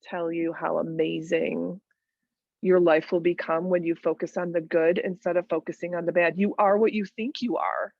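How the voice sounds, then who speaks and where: Podcast guest: earnest middle-aged woman, lowish voice, dry dull lo-fi sound, emphatic and repetitive. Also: little pitch movement, normal speed, no echo. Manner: earnest, emphatic, repeats phrases for weight. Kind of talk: candid conversational interview.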